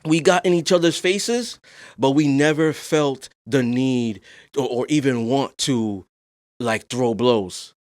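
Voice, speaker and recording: A young adult man hosting a casual podcast talk. His voice sits at a middling pitch, soft-spoken and calm, and it lifts into animated emphasis when he presses a point. The recording is dry and close. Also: takes it slowly, no echo. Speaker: podcast host.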